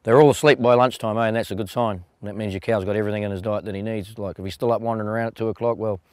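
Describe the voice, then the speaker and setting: Nz farmer guy, rambly and folksy, talks quick, lowish voice. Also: fairly even intonation, no room sound. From New Zealand. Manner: rambling, folksy, talks fondly of his cows. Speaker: dairy farmer. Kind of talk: casual interview chat.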